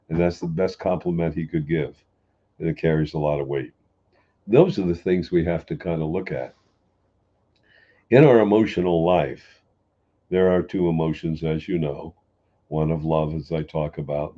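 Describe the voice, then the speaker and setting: A man talking in a folksy, plain-spoken way, joking lightly as he explains. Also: low-pitched. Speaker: speaker answering a question. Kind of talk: relaxed spoken talk. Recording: dull lo-fi sound.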